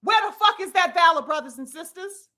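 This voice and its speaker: A woman's voice: very high voice, lively intonation, fairly quick, sharp tone. A woman giving a heated, profane commentary monologue with emphatic delivery and frequent "you know" fillers. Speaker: boxing commentator.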